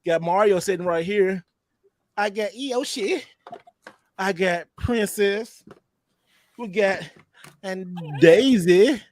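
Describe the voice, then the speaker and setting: A man hosting a podcast with a Texan accent, telling animated, slangy stories in casual chat and laughing often. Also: high voice, slow, long pauses, a little hiss or hum. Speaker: podcast host.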